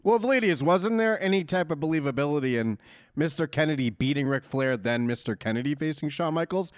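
A man's voice: a little high, animated, a little fast, dry recording, clean studio sound. A man in his thirties co-hosting a casual wrestling chat, rambling and jokey with mock-announcer asides. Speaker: podcast co-host.

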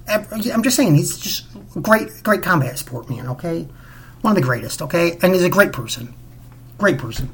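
A man with a husky voice hosts a casual solo podcast, rambling and repeating himself as he talks. His pitch swings widely as he gets worked up, and his delivery stays loose and excitable. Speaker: podcast host.

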